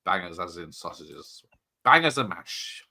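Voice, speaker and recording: Jokey host, slightly low voice with a bright edge, rambles happily through live commentary. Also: male voice, very animated, a little slow, vocal fry. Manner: chatty, joking, rambling tangents. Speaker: watch party host. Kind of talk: casual live-stream commentary.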